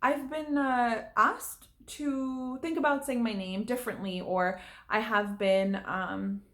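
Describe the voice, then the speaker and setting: A young actress speaks straight to her viewers in a casual vlog, her voice sitting a little high. She is earnest and stirred up, laughing often as she makes her point. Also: steady tone, takes it slowly, fairly bright tone. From California. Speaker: actress and acting vlogger. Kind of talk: casual vlog talk to camera.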